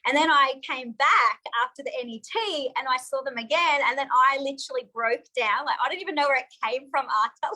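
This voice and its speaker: A woman speaks as a guest in a live interview. Her voice sits fairly high and sounds bright and forceful. She tells personal stories openly and with feeling. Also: fairly quick, few pauses, rough recording. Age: 40s. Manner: open, emotional personal storytelling. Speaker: guest, therapist.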